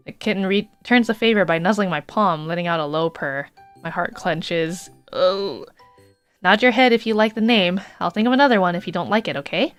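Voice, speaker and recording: A woman's voice: on the low side, fairly bright tone, clean tone. Playful woman streamer reading a game aloud, faint music underneath. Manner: playful, laughs between lines. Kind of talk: reading a dating game aloud with casual asides.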